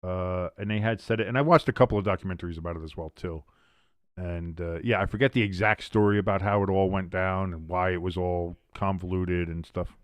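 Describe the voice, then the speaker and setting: A man's voice: sits low, fairly even intonation, brisk, no echo. A man hosting a sports watch-along stream, chatting casually between play-by-play calls, rambling with fillers, restarts and casual swearing.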